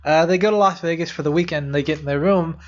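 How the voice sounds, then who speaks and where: Young male podcast co-host, fairly high voice, loose filler-heavy storytelling, muffled lo-fi sound. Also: fast. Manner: rambling, many "like" fillers, blunt swearing. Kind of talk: casual chat, retelling urban legends. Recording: dull lo-fi podcast audio.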